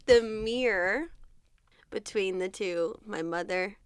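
A woman co-hosting a podcast in casual chat, frank and quick to laugh mid-sentence. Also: medium pitch, smooth, dry recording, studio quality. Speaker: podcast co-host.

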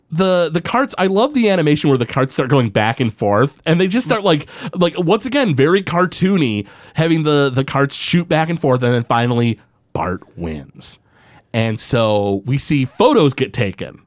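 A man's voice: fairly high pitch, no room sound, clean studio sound. A man co-hosting a podcast, chatting casually with many fillers and recapping a cartoon episode. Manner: animated, many fillers, jumps into quick character impressions. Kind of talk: casual chat.

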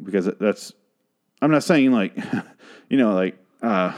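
A man casually recapping a TV episode in a sarcastic, profane, rambling way, sometimes trailing off into quiet mutters. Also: on the low side, expressive, a little slow, long pauses. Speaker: show recap host.

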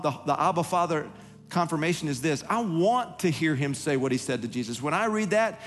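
Pastor, male, emphatic sermon delivery, slightly high voice, big hall reverb. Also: expressive, fairly quick. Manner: emphatic preaching with voiced quotes. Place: church hall.

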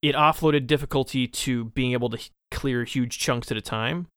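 A man co-hosting a gaming podcast, speaking haltingly and repeating words as he thinks. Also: mid-range voice, steady tone, a bit bright, clear, resonant tone, dry recording, studio quality. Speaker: podcast co-host. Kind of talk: casual chat.

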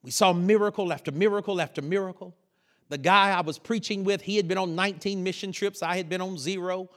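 A man preaching a lively sermon, telling a story with laughter and sudden shouted bursts. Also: high voice, a little fast. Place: church sanctuary.

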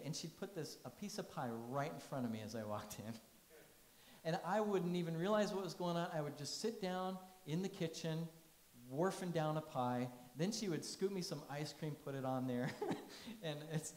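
A man with a somewhat high voice preaches to a congregation in an easy, storytelling way, often turning to ask if his point lands. The sound rings around an echoey church room. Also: normal speed, darkish tone. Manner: conversational, storytelling, asks the congregation questions. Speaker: pastor. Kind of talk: sermon.

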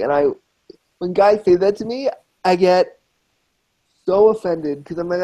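A man's voice: high voice, a little slow, pauses often, mellow, low-quality recording. A man in casual conversation, talking frankly and emphatically, repeating words to drive his points home. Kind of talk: casual chat.

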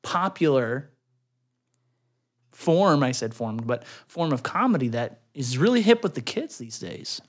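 A young man co-hosting a casual comedy podcast, playful and quick to laugh. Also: mid-range voice, very animated. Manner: playful, bright, laughs often. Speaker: podcast co-host.

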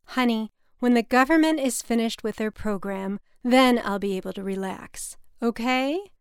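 A brash, brassy paranoid mother who talks bluntly and loudly, as a woman reading the story puts her on. The voice sits fairly high and stays smooth. The sound is dry and close. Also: moderate pace, no echo, natural voice.

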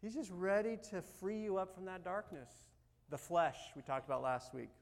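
A man preaching a sermon as pastor, animated, swinging from loud urging to soft, quiet asides. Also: high-pitched, moderate pace, creaky.

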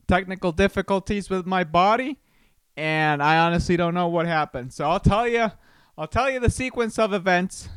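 A man's voice: high voice, a bit bright, clear, resonant tone, no room sound. A man hosting his own podcast, telling a rambling personal story in a chatty, casual way. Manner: rambling, chatty, with many restarts and fillers. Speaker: podcast host. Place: Texas home.

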